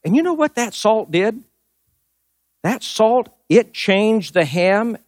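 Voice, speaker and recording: A man's voice: sits high, very animated, takes it slowly, darkish tone, dry recording, clean studio sound. A middle-aged male pastor preaching a sermon, telling a personal story and driving points home with emphatic repetition.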